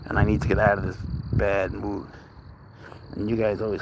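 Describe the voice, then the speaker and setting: A man hosting a live stream outdoors at night on a phone, rambling and joking with viewers while talking softly to his cat. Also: lowish voice, steady tone, brisk, background noise. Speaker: livestream host. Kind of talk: casual live-stream chat.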